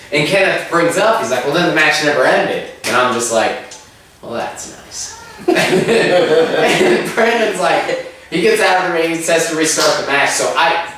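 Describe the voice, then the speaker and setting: A young man casually telling a story as a podcast co-host, animated and laughing often as he acts out quotes. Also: mid-range voice. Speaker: podcast co-host recounting wrestling events. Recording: very echoey room, distant mic, faint hiss.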